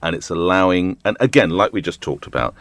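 A man's voice: low-pitched, brisk, a bit bright, dry recording. A middle-aged man, a breakfast radio host, talking frankly and joking in a casual interview, with lots of restarts and the odd swear word.

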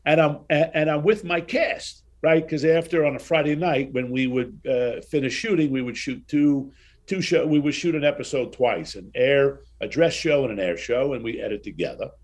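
Man, 60s, interview guest; mid-pitched voice, casual storyteller who plays out the dialogue. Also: normal speed. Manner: animated anecdotes, acts out dialogue.

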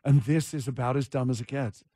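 A man hosting a morning radio talk show, animated and jokey, quick to laugh. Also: mid-range voice, very noisy.

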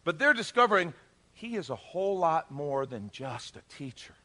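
Animated, bright-voiced male pastor. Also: on the high side, moderate pace. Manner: animated storytelling, acts out voices, jokes with the congregation. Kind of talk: sermon.

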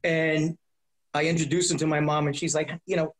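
A middle-aged comedian telling lively anecdotes in an interview, acting out the voices of the people in them and swearing freely. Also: male voice, on the high side, normal speed. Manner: profane, acts out voices in anecdotes. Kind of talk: animated storytelling. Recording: roomy echo.

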